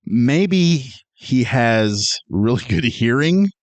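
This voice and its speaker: Male co-host, mid-pitched, easygoing joker, dry close mic. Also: expressive, drawn-out words, no room sound. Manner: laid-back, joking. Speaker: podcast co-host, film reviewer. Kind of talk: casual comedic chat.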